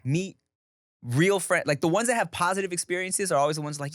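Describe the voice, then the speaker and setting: Man co-host, casual and profane, slightly higher voice, tight dry mic. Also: a little fast, fairly bright tone, no room sound. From Los Angeles. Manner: loose and profane, rising when worked up. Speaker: podcast co-host. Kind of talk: casual chat.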